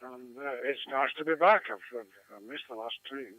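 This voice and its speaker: A hoarse man chatting on a radio net, his voice worn and halting, with throat-clearing between phrases. The sound is dry and close, with no room around it. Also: medium pitch, no room sound, narrow, tinny audio. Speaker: net participant. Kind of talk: casual amateur radio net chat.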